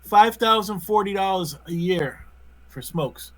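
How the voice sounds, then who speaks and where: High-voiced man musing on prices. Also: expressive, unhurried, fairly bright tone, low-quality recording. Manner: chatty, tallies figures aloud, stumbles on words. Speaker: podcast co-host. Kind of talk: casual banter.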